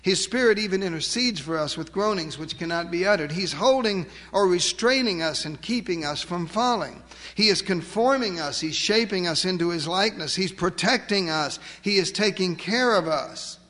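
A man preaching a sermon, emphatic, asking rhetorical questions and slowing down to stress key words. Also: high voice, expressive, bright, forceful tone, in a large hall. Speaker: pastor.

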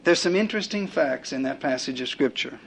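A man's voice: medium pitch, expressive, a little fast, vocal fry, a bit bright, a little hiss or hum. A man preaching a sermon, building his points through rhythmic repetition and acting out quoted prayers and complaints.

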